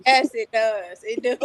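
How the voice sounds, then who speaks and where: A woman co-host chiming in with brief remarks during a casual podcast chat. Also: fairly high pitch.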